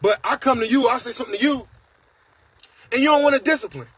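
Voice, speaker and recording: A man's voice: very high-pitched, fast talker, fairly bright tone, breathy edge, no room sound, low-quality recording. A man hosting a casual livestream monologue, talking in a blunt, profane and preachy way, reading out viewer comments. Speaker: host.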